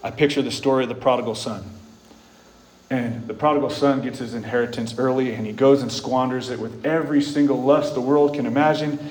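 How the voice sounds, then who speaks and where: A man preaching a sermon, retelling scripture stories in an earnest way, rising loud and bold, then dropping soft and slow. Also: medium pitch, steady tone, slight background noise. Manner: earnest storytelling, swings between loud bold stretches and soft slow ones. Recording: echoey room with faint ambience.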